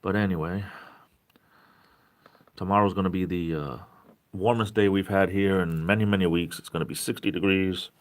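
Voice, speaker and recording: Chatty forties man, southeastern New England accent, low voice, casual live stream host. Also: moderate pace, long pauses. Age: 40s. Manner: rambling, reads viewer chat aloud and answers it; speeds up when excited.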